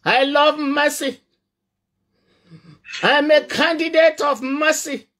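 A man preaching a sermon with passion, repeating phrases and rising to shouts. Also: very high voice, fairly even intonation, takes it slowly. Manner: impassioned, repeats phrases for emphasis, often rises to shouting.

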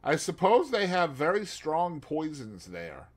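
A man's voice: fairly high pitch, huge pitch swings, a little slow, pitched above the performer's own voice, full character voice. A man voicing a fussy middle-aged Belgian male detective, asking precise, probing questions.

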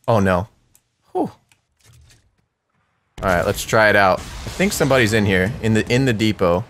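A young man doing live gameplay commentary for his channel, excitable and talking straight to his viewers. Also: lowish voice, normal speed, slight background noise. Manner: excitable, talks to viewers, shouts at wins. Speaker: gaming YouTuber.

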